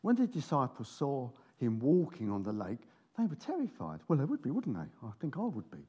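A man's voice: mid-range voice, huge pitch swings, moderate pace, a little mellow, husky. A man preaching, reading scripture aloud with jokey asides between the verses. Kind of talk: sermon with Bible reading.

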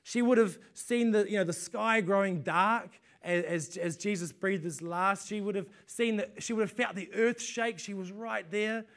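High-voiced man preaching a sermon. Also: fairly even intonation, normal speed, few pauses, a bit bright. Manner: conversational, repeats words, asks rhetorical questions.

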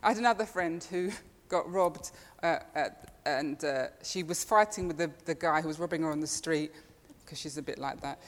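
A woman's voice: sits low, moderate pace, hardly any pauses, big-room sound. A woman preaching a sermon, telling chatty personal stories and laughing often. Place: church.

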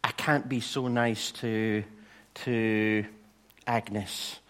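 A man's voice: fairly low pitch, little pitch movement, extremely slow, fairly bright tone, clean tone, voice pushed down. A man voicing a stingy, apologetic version of God as a joke, in a mock-sorry tone.

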